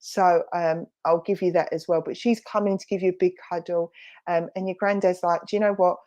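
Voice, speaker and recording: A woman's voice: lowish voice, steady tone, normal speed, darkish tone. Chatty woman with a Romford accent. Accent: Romford, Essex. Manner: chatty, reassuring, with frequent fillers and self-corrections. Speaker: spiritualist medium. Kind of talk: giving spirit messages in an online church service. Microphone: video call.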